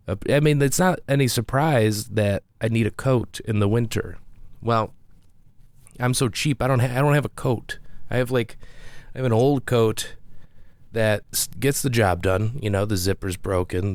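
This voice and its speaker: A man's voice: lowish voice, dry recording. A man, a comedian, telling a rambling, self-deprecating story in a casual monologue with frequent restarts.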